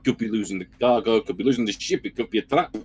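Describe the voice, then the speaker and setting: A man's voice: on the low side, quick pace, darkish tone, slightly rough. A man, playing a ship mechanic in a tabletop game, grumbling and swearing jokingly. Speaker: player. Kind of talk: in-character tabletop banter.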